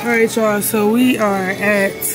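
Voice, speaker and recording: Casting: young mom vlogger, casual chatty, breathing heavy, phone mic, loud music behind. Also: female voice, medium pitch, steady tone, slow. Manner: chatty, addresses viewers as y'all. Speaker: vlogger, mother. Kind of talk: casual vlog chat. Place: grocery store, then home. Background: loud background music.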